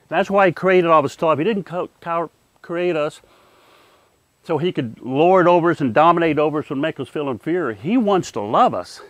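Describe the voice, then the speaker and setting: Older man, halting earnest testimony. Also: expressive, no room sound. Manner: halting, repeats words while searching for them; earnest, softens and drops low at serious moments. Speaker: war veteran recounting a near-death experience. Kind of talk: personal testimony.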